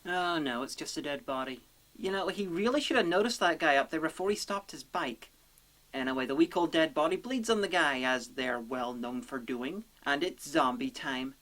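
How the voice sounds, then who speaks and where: Brief: a deadpan, profane woman narrating a comedic film review, slightly low-pitched. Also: normal speed.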